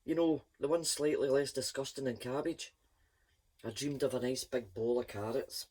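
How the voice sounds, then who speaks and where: A woman reading a children's story aloud in a lively, expressive first-person voice. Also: very deep voice, normal speed, husky.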